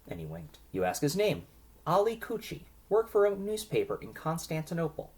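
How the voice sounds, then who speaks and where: A man's voice: mid-range voice, sing-song, a little fast, a little mellow. A man narrating a grim war story in the second person, vividly and dramatically.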